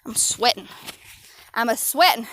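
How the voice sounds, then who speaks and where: A woman's voice: on the high side, lively intonation, measured pace, a bit bright, a little hiss or hum. A young woman, vlogging in a rambling, chatty way into her phone while walking outdoors with her dog. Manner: rambling, chatty, easily distracted. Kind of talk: casual chat. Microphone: handheld phone.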